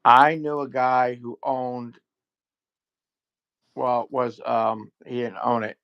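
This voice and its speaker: Blunt guy swearing through a chat, kinda muffled audio, average pitch. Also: flat delivery, takes it slowly, vocal fry. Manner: blunt, swears, short agreeing replies. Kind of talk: casual chat.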